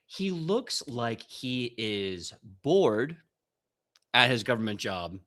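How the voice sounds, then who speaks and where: A man narrating as game master of a tabletop game, relaxed and joking. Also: mid-range voice, slow pace.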